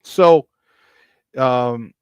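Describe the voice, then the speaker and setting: A man of middle pitch hosts a casual sports talk show, excitable and prone to saying things twice. He rattles off stats in quick lists and sounds dry and close, with no room around him. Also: clear, resonant tone, no room sound. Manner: excitable, repeats phrases for emphasis; reads stat lines off in quick lists. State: doing burpees while talking.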